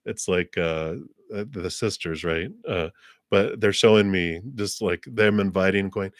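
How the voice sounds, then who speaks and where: Low-voiced man reading tarot cards live. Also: fairly even intonation, measured pace, dry recording, studio quality. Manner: rambling, loose, many ums and "you know"s; breaks into little laughs, acts out quoted reactions. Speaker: tarot card reader. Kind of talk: live-stream card reading.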